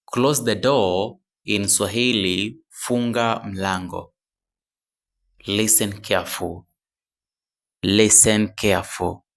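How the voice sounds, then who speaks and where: A low-voiced man teaching a beginner language lesson at an extremely unhurried pace. He says each short phrase slowly and often twice, then gives its translation. Now and then he stops to correct himself mid-phrase. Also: steady tone, vocal fry, a bit bright. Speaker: English teacher.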